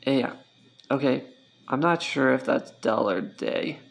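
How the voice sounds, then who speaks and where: A man's voice: medium pitch, animated, creaky. A man teaching an informal Spanish lesson, repeating words for practice and often stopping to correct himself. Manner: slow, self-correcting, repeats words for drill. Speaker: Spanish tutor.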